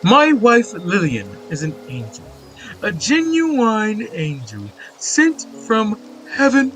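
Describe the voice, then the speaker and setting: A man's voice: sits high, huge pitch swings, slow pace, a bit bright, soft background music, voice pushed up, full character voice, low-quality recording. A man voicing a fussy middle-aged male newspaper seller who talks in a theatrical, wordy way while reading game dialogue aloud. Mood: chatty.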